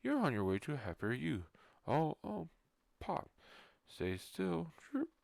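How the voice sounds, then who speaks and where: A man voicing a creepy male ear-cleaner who pulls bugs out of ears. It is a whispered role-play, and he says the sound effects aloud in a hushed voice. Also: a little high, huge pitch swings, unhurried, gravelly, no echo, clean studio sound, full character voice.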